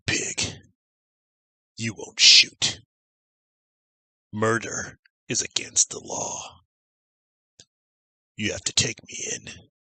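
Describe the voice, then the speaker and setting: Creepy fanatic killer dude, sneers and hisses taunts at a cop, action movie clip. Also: male voice, lowish voice, gravelly, bright, forceful tone, slightly rough, no echo, heavily acted, rough recording. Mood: taunting. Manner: sneering, taunting, drops to a hissing whisper. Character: sadistic male cult killer, fanatical and taunting.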